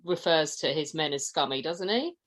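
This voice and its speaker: A woman's voice: low-pitched, lively intonation, moderate pace, fairly bright tone. A woman hosting a casual chat, prompting her guest with questions. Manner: prompting questions, laughs along. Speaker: podcast host.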